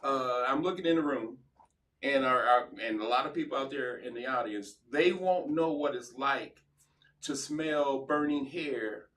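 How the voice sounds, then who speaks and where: A man's voice: medium pitch, a little slow, fairly bright tone, recorded from a distance. A man as a guest in an interview, enthusiastic and affirming, often repeating himself. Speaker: guest, former football player. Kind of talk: casual interview chat.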